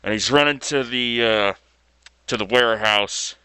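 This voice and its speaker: Slow, bright-voiced laid-back man. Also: mid-range voice, clean tone, no room sound. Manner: laid-back, loose with fillers and mild slang. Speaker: video host. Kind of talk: casual retelling of a story.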